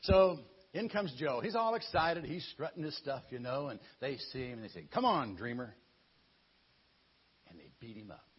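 Brief: folksy male storyteller, husky voice, sing-song, muffled lo-fi recording. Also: medium pitch, animated, a little fast. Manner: folksy, stumbling, with asides. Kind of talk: casual Bible story retelling.

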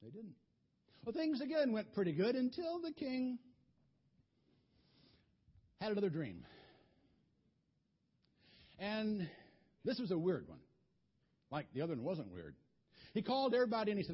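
A man tells a children's Bible story in an animated, folksy way, often stumbling over and repeating words. His fairly high, breathy voice leaps around in pitch. The recording is dull and lo-fi. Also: normal speed, pauses often.

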